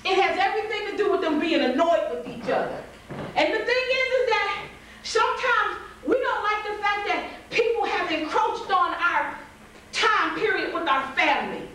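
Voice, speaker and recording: High-voiced woman preaching in an echoey hall. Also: distant mic, slight background noise. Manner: lively, acts out voices, laughs often, calls to the congregation. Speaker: pastor. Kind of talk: sermon.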